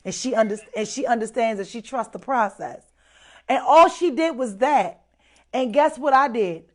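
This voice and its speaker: Lively high-voiced woman guest. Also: moderate pace. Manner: animated, laughing, repeats herself for emphasis. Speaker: show guest. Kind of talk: casual live-stream chat.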